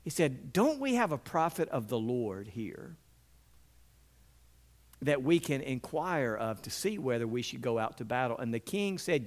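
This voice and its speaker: Earnest man preaching a sermon. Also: a little slow. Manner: earnest, quotes biblical figures in lively voices, drops low and quiet for emphasis. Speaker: pastor.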